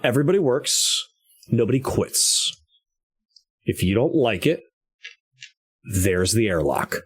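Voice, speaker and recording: A man's voice: mid-range voice, big pitch swings, slow pace, husky, full character voice. A man voicing a stern, no-nonsense woman starship captain giving orders. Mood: commanding. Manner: curt, commanding.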